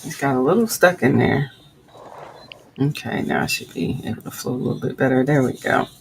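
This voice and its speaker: A woman's voice: extremely low pitch, fairly quick, gravelly, noisy background. A woman hosting a live crochet tutorial, counting stitches aloud and chatting with viewers as she works. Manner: chatty, reads and answers live chat. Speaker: crochet livestream host.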